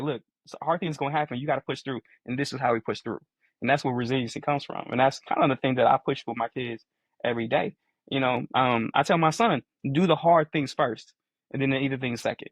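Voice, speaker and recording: A man's voice: mid-range voice, quick pace, vocal fry, no room sound. A man in his forties co-hosting a casual podcast chat, earnest and restating his points as he explains them. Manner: earnest, repeats phrases while explaining. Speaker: podcast co-host.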